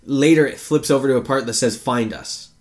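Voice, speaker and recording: A man's voice: mid-range voice, brisk. A man co-hosting a casual movie review podcast, talking loosely, swearing and acting out scenes in raised voices. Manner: animated, acts out quotes in raised voices, swears freely. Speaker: podcast co-host.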